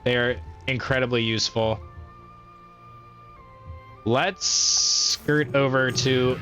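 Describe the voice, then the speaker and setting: Young male streamer, bright voice, profane play-by-play with faint game music behind. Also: mid-range voice, fairly even intonation, slow, pauses often. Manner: profane, trash-talking, mocking enemies. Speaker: gaming streamer. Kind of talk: casual gameplay commentary.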